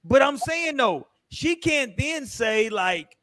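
A man's voice: very high-pitched, very animated, takes it slowly, a bit bright, no echo. A man hosting a relationship podcast panel, arguing his point in casual talk and swearing freely. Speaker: podcast host.

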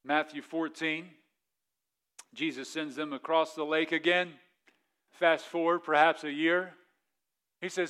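A man preaching a sermon in a fairly high voice. He tells the story with energy, raising his voice to act out scared disciples, then drops low and soft for his reflective points. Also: unhurried, pauses often, clean tone. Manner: animated storytelling, acts out the disciples' panic in a raised voice. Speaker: pastor.

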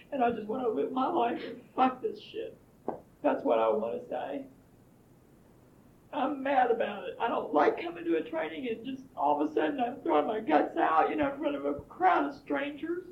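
A woman's voice: high voice, gravelly, slight background noise. A woman at a training workshop pouring out her anger, swearing and near tears, recorded in a room with a group around her. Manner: angry, swearing, pouring out frustration. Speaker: workshop participant. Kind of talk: emotional group process sharing. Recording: muffled roomy workshop recording.

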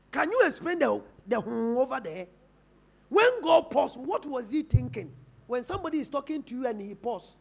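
A man's voice: very high-pitched, vocal fry, slightly rough. A man with a Ghanaian English accent preaching a sermon in church, firing rhetorical questions at the congregation. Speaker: pastor.

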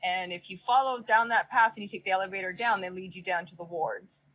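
Husky woman explaining game routes. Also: mid-range voice, steady tone, fairly quick, a bit bright, rough recording. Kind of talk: casual gaming chat.

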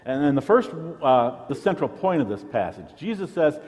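A man's voice: fairly high pitch, lively intonation, moderate pace, few pauses, a little mellow, big-room sound. A man pastor preaching a sermon, teaching in an earnest way and often repeating a word as he restarts.

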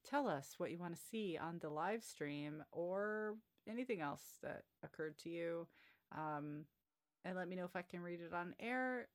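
Woman host of a chatty book podcast, lowish voice, teasing and quick to laugh. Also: animated. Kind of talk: casual book-club chat.

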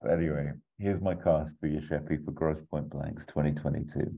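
Very deep-voiced man rambling through a pitch. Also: steady tone, fairly quick, vocal fry, slightly rough, narrow, tinny audio. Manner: rambling, laughs often, swears. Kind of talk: casual comedic pitch of a film plot.

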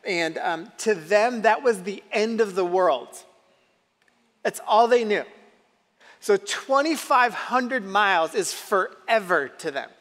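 A man's voice: high-pitched, animated, slow, a bit bright, in a large hall. A man preaching a sermon in a conversational way, often asking the audience questions. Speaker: pastor.

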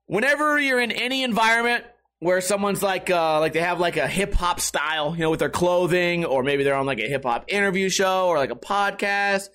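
A man's voice: sits high, brisk, hardly any pauses, pushed and bright, clean tone. A middle-aged man hosting a podcast and ranting casually, profane and sarcastic. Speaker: podcast host.

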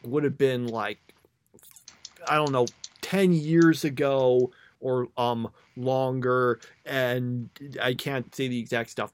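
A young man chats casually on a podcast, his medium-pitched voice wandering through thoughts. He rambles with frequent fillers and self-corrections, never quite landing his sentences. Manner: rambling, many fillers and restarts. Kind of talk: casual chat.

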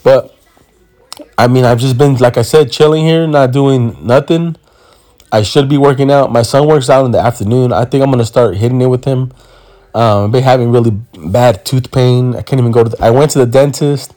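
A man's voice: medium pitch, moderate pace, warm tone. A man in his thirties hosting a casual podcast from home on a phone, rambling, joking and swearing, with slang. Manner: rambling, joking, self-correcting, swears freely. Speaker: podcast host and comedian.

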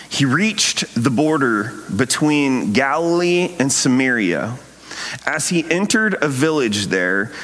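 Man, pastor, relaxed sermon, slow unhurried delivery, long hall reverb. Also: mid-range voice, a little hiss or hum. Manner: conversational, frequent "right?" asides.

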